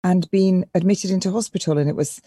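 A woman, a nurse and nutritionist, chatting fast as a guest on a live online show and often repeating her words. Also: on the low side, steady tone, dark tone, breathy edge, no echo.

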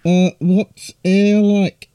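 A man voicing a chatty male pet angelfish, putting on a northern English accent with slow, deadpan, silly replies. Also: high voice, clean tone, dry recording, voice pushed up. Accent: northern English, put on. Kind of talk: comic pet role-play.

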